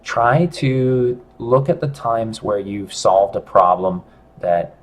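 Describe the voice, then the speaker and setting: A middle-aged man hosting a casual livestream chat, talking in a rambling, halting way with many restarts. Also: on the low side.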